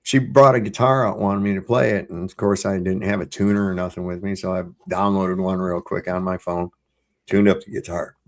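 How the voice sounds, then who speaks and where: A middle-aged man with a low, gravelly voice, swearing freely as he spins a laid-back story. He hosts a live online talk show and talks in an easy, unhurried way. The grit in his voice stays steady under everything he says. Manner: loose, profane storytelling. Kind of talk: casual chat.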